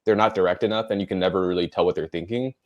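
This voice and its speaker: A man's voice: sits low, fairly even intonation, rapid-fire, a little mellow, dull audio. A young man, co-hosting a casual debate podcast and rambling with many fillers and restarts. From United States. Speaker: podcast co-host.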